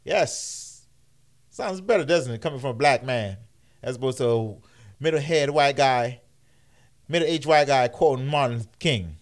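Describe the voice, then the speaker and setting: A man hosting a radio show with casual political commentary, animated and mocking, laughing often. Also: mid-range voice, normal speed. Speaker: radio host.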